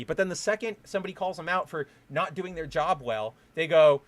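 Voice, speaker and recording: A man's voice: on the high side, expressive, brisk, hardly any pauses. A man hosting a podcast, ranting heatedly in a casual style, swearing and restarting his sentences. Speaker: podcast host.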